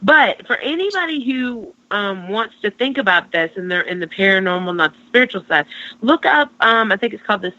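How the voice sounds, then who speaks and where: A woman with a drawl co-hosts a paranormal chat show as a psychic, telling stories with lively energy and plenty of swearing. Her voice is bright and forceful. It comes through a somewhat dull, lo-fi recording. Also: medium pitch, fairly quick. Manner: animated, swears freely, storytelling. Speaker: psychic co-host. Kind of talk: casual podcast chat. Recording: dull lo-fi sound.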